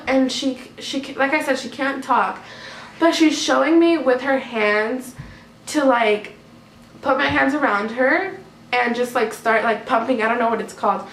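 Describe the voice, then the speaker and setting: A woman's voice: sits high, a little slow, fairly bright tone. A young woman telling a casual storytime to her camera, rambling with lots of "like" fillers. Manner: chatty, rambling, many "like" fillers. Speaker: vlogger. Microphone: camera mic. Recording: echoey room, faint background noise.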